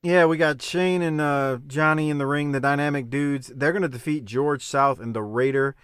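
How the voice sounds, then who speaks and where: A man's voice: fairly high pitch, normal speed, smooth, dry recording, clean studio sound. A middle-aged man co-hosting a podcast, chatting casually about old wrestling and laughing a lot. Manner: animated, laughing, says "bruh" a lot. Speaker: podcast co-host. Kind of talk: casual banter reviewing wrestling.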